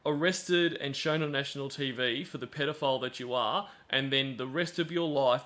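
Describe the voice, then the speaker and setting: A man's voice: medium pitch, sharp tone. Sarcastic man hosting a stream. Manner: sarcastic, chatty, many fillers. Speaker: stream host. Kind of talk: live commentary on played calls.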